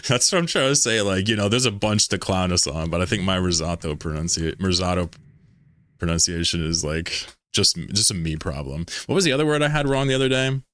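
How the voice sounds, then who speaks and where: A man's voice: deep voice, animated, a little fast, a bit bright, dry recording. A man from Pennsylvania, streaming a game and chatting with viewers in a rambling, joking way, swearing freely. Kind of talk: casual live-stream chat while gaming.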